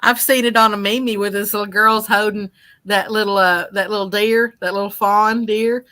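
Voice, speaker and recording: A woman's voice: mid-range voice, fairly even intonation, normal speed, pushed and bright, dry recording. A woman chatting casually as co-host, teasing and laughing easily. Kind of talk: casual live chat.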